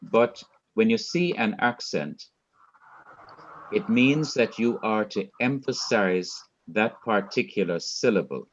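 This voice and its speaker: A man with a Jamaican accent teaching a Hebrew lesson, speaking deliberately, repeating key words and quizzing his students. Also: lowish voice. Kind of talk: online Bible language lesson. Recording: dull lo-fi sound.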